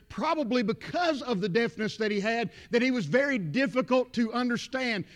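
A man with a Southern accent preaching a sermon as pastor, emphatic, repeating words and calling out amens. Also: very high-pitched.

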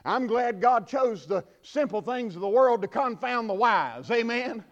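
High, gravelly preacher man. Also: expressive, unhurried. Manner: swings from hushed asides to shouted peaks. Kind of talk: sermon. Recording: dull lo-fi recording.

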